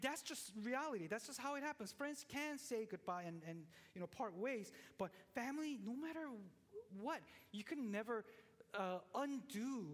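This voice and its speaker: A man in his forties preaching a casual, conversational sermon, telling the story in an animated way with lots of fillers and restarts. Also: high-pitched. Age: 40s. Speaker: pastor. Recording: long hall reverb.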